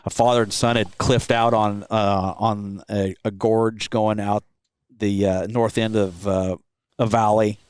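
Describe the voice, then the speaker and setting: A man, an award-winning helicopter pilot, telling a rescue story in a casual, animated way, laughing often and acting out what people said. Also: on the low side, measured pace, clean tone, dry recording. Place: convention floor.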